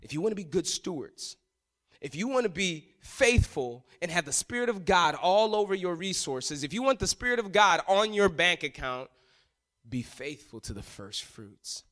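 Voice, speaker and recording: A man preaching a sermon from the pulpit, his voice high and bright. He swings from loud emphatic lines to near-hushed asides. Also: sing-song, normal speed. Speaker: pastor.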